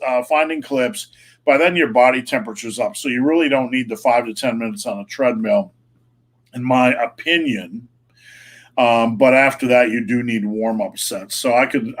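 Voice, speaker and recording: Blunt middle-aged man coaching on a livestream. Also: mid-range voice. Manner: blunt, frank, plain-spoken. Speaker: fitness coach answering viewer questions. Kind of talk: casual live-stream Q&A.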